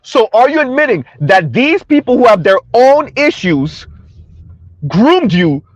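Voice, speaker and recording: A man with a high-pitched voice, recorded with no room sound, rants sarcastically and combatively as a commentary vlogger. He keeps repeating his points to his viewers and laughs between them.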